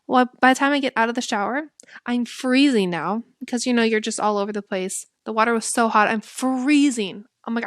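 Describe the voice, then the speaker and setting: A young woman, a podcast co-host, candidly recounting a personal story and acting out her own past lines in lively bursts. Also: on the high side, brisk, dry recording, clean studio sound. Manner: lively, candid, quotes herself in animated bursts.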